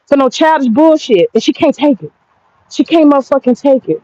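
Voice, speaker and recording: Brash, profane high-voiced woman streamer. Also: very animated, brisk, mellow, dry recording. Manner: brash, profane, laughing, talking straight to viewers. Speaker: streamer and commentator. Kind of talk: casual gossip commentary. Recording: dull lo-fi dry sound.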